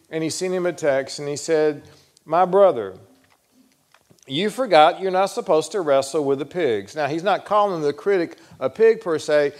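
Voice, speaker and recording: A male pastor delivers a sermon in a fairly high-pitched voice, asking the congregation direct questions. He moves between storytelling and quiet, earnest teaching.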